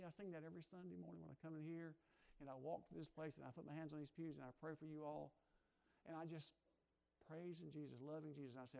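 Energetic older preacher with a high voice. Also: male voice, creaky. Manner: energetic, fast-talking preacher who swings from soft reflection to loud exhortation. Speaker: pastor. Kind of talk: sermon. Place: church sanctuary.

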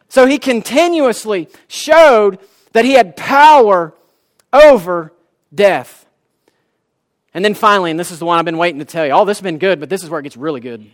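Pastor, male, 30s, fairly high voice, impassioned and folksy from the pulpit. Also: fairly bright tone. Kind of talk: sermon.

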